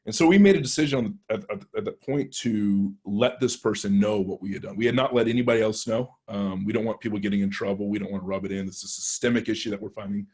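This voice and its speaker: A man tells a story in a relaxed, conversational way, with lots of restarts. His voice sits low and has a husky, slightly breathy edge. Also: fast, few pauses. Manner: conversational, with many restarts and acted-out quotes. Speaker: penetration tester. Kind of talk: casual storytelling talk.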